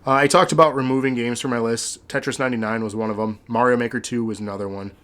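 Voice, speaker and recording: A man's voice: medium pitch, fairly even intonation, fast talker, fairly bright tone. A man hosting a podcast, chatting casually in a rambling, sentimental way with many fillers. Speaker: podcast host.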